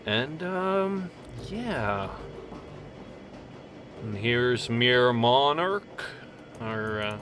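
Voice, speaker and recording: Slow-talking man hosting a game stream. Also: medium pitch, lively intonation, a bit bright, soft background music. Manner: rambling, self-mocking, many fillers. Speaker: streamer host. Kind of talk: casual game stream commentary, reading game text aloud.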